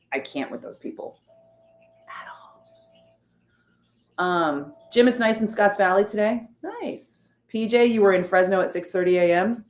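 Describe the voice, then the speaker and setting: A woman streamer chatting casually as she reads out and answers her viewers' messages, with wry, sarcastic asides. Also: low voice. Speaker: streamer reading chat. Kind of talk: casual chat. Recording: roomy echo.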